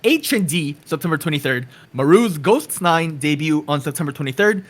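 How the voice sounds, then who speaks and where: A man's voice: fairly high pitch, expressive, normal speed. A man co-hosting a casual podcast, easygoing and teasing, reading out a list of release dates. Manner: easygoing, teasing, laughs often. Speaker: podcast co-host.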